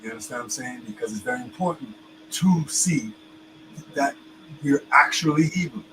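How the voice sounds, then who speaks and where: A man's voice: medium pitch, expressive, moderate pace, fairly bright tone, slight background noise, rough recording. A man talking in a loose, emphatic way, full of slang and restarts, as co-host of a casual discussion.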